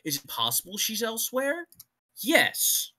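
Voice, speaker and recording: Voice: medium pitch, huge pitch swings, a little slow, sharp tone. A co-host of a casual comedy show, ranting with exasperated disbelief about the story being read.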